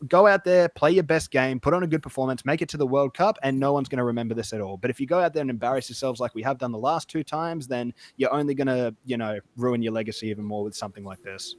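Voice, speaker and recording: Quick-talking earnest young man. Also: medium pitch, dry recording. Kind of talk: casual podcast chat.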